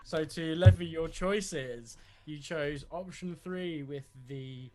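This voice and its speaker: A man's voice: on the high side, slow pace, a little mellow. Man running a tabletop game. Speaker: game master.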